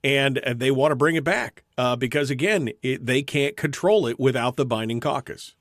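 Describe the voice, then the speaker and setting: A man hosting a radio talk show, backing up his guest with quick agreement. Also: medium pitch, no room sound, studio quality.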